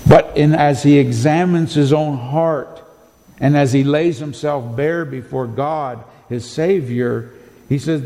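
A male pastor delivers a sermon at an unhurried, measured pace, leaning hard on emphasis and rhetorical questions. His voice is mellow and warm. It rings out with the long reverb of a church sanctuary. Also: medium pitch, vocal fry.

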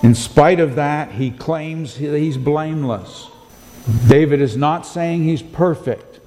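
A male pastor delivers a sermon at an unhurried, measured pace, leaning hard on emphasis and rhetorical questions. His voice is mellow and warm. It rings out with the long reverb of a church sanctuary. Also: on the high side.

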